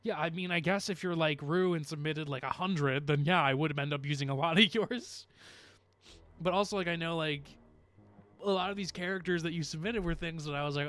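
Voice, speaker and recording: A man's voice: a little high, a little fast, a bit bright. Chatty streamer man, rambling. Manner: rambling, chatty, laughs often. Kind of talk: casual chat with stream viewers.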